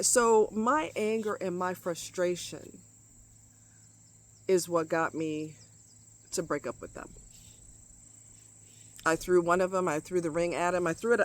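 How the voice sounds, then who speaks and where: A middle-aged woman with a lowish voice speaks at a measured pace, pausing often, as she rants in an outdoor vlog. Out in the hot, muggy wilderness and sweating, she vents bluntly, swearing heavily and repeating herself for emphasis.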